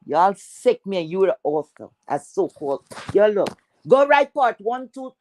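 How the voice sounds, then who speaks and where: A woman with a Caribbean accent hosting a livestream, ranting hard, cursing and repeating herself, jumping between shouts and low mutters. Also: very animated, unhurried. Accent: Caribbean English. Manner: loud, cursing, repeats phrases, swings between yelling and muttering. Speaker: livestream host. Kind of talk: heated livestream rant.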